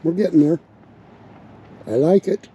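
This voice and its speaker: A man in a relaxed, casual vlog, thinking aloud as he talks through a project outdoors, with a slight bark in his voice. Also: on the high side, measured pace. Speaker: RV vlogger building a truck tank. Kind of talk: casual workshop vlog narration. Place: outdoors at a windy campsite. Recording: dull lo-fi outdoor recording with wind noise.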